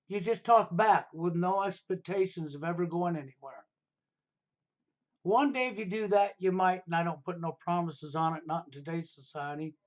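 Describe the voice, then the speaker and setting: A middle-aged man hosting a live stream, giving emphatic casual advice and often checking in with "okay?". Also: sits high. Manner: emphatic, repeats "okay?" to drive points home. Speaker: livestream host.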